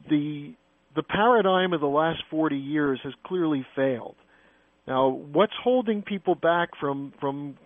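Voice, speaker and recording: Man, talk radio host, slightly high voice, dry tinny phone-band sound, argumentative. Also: no room sound. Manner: asks guests pointed questions, argumentative. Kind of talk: political talk radio chat.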